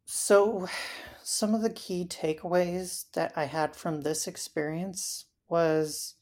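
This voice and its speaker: A woman as an interview guest, telling her story in a halting way with frequent fillers. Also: fairly low pitch, fairly even intonation, darkish tone. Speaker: interview guest recounting a hike.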